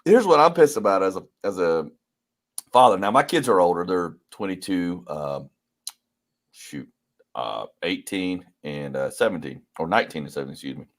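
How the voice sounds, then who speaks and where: Forties man, low voice, podcast host, chatty and rambling. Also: animated, moderate pace. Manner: rambling, chatty, reads out listener comments. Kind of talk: casual chat.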